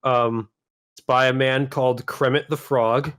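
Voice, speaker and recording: A man's voice: medium pitch, steady tone, unhurried, fairly bright tone. A man co-hosting a podcast in casual, profane banter, laughing often and swearing freely. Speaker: podcast co-host.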